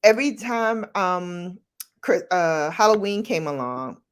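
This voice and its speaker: A middle-aged woman vlogger chatting casually with viewers, animated and laughing as she tells stories. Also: measured pace, clean tone. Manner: animated, laughing, jumps into high-pitched quoted voices. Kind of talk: casual chat answering viewer questions.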